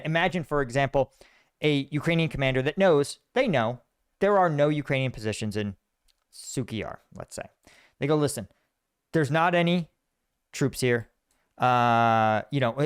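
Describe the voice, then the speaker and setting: Male commentator, slightly high voice, lively delivery, dry close sound. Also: smooth, no room sound. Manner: animated, acts out quoted voices. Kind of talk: casual analysis monologue.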